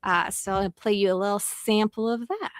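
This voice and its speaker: A woman hosting a show, chatting casually with quick asides and easy laughter. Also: medium pitch, steady tone, very noisy. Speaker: host. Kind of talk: casual chat.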